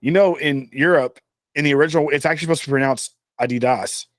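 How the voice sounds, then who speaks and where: A man co-hosting a casual podcast, his voice sitting a little higher than most men's. He rambles and loses his train of thought, swearing easily. The sound is dry and close with no room in it. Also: fairly even intonation, racing, no room sound. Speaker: podcast co-host. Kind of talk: casual chat.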